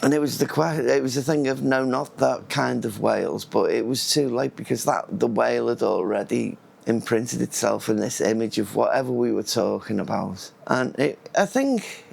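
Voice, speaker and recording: A man vlogging in a casual, rambling monologue, often losing his thread and restarting words. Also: mid-range voice. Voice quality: gravelly and husky.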